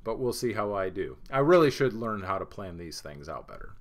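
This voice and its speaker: A man's voice: low-pitched, very animated, brisk. A man presenting a weekly market note in a casual, rambling way, out of breath after a workout and laughing at himself. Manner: chatty, self-deprecating, rambling with restarts. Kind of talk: casual unscripted market commentary.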